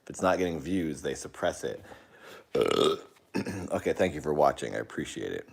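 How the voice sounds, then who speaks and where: Low-voiced man chatting on a live stream. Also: big pitch swings, moderate pace, creaky. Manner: rambling, talks to chat, jumpy outbursts. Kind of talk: casual live-stream chat.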